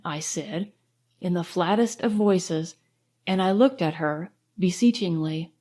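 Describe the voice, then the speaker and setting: A woman narrating an audiobook in a measured, expressive storytelling manner. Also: on the low side.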